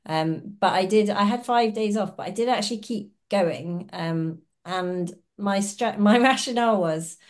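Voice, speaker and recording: The ultrarunner and oncologist speaks here at medium pitch, a little slowly and with few pauses. As a guest in a casual podcast interview, she tells stories in a chatty way, performing quoted dialogue with laughter.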